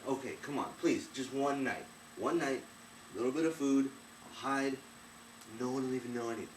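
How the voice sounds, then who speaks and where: A man's voice: medium pitch, normal speed, recorded from a distance, slight background noise, voice pushed up, lightly acted. Guy playing a desperate young dude begging for help, urgent, roomy sound. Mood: pleading. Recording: roomy, off-mic, faint ambience.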